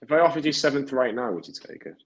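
A man's voice: mid-range voice, lively intonation, quick pace, rough recording. A man co-hosting a football podcast, teasing and enthusiastic in casual chat. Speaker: podcast co-host.

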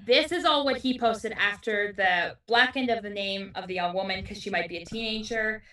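A woman's voice: mid-range voice, normal speed, sharp tone. Woman guest, roomy and far off-mic. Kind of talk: casual chat.

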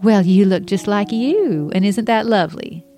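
A woman's voice: medium pitch, expressive, moderate pace, dark tone, soft background music, natural voice. A woman voicing an exasperated, short-tempered mother who scolds sharply. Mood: puzzled.

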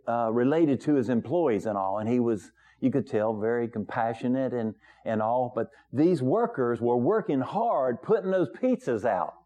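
A middle-aged male pastor preaching in a conversational way, telling an everyday story and then rising higher and louder on his main points. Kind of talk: sermon.

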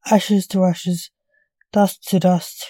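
A woman voicing a stern male knight and executioner in a slow, dry storybook reading. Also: medium pitch, mellow, no echo, lightly acted. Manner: grim, commanding.

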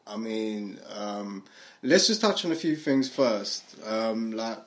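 A man's voice: fairly low pitch, lively intonation, slow. A man co-hosting a casual podcast, talking loosely with slang and fillers. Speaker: podcast co-host. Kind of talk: casual chat.

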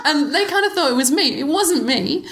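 A middle-aged woman, a former cyclocross racer, chatting as an interview guest and telling lively stories with frequent laughter. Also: high-pitched, normal speed. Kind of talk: casual conversational storytelling.

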